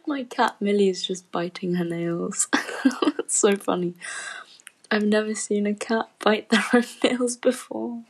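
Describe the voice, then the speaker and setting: A woman talks at an unhurried pace, her voice breathy and a little husky. She rambles casually from home, laughing easily and leaning on fillers. Now and then her words thin out into a near-whisper. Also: medium pitch, poor audio. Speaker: student podcaster.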